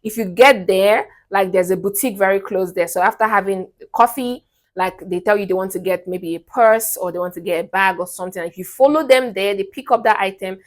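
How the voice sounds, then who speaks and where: A woman's voice: mid-range voice, fairly quick. A young woman hosting a relationship advice vlog, speaking bluntly and emphatically and often checking in with listeners.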